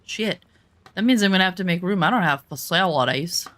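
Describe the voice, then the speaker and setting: With a lowish, animated, slightly bright voice and a brisk pace, a woman plays a survival game on stream and casually jokes with her viewers. Self-mocking and easily flustered, she swears freely throughout.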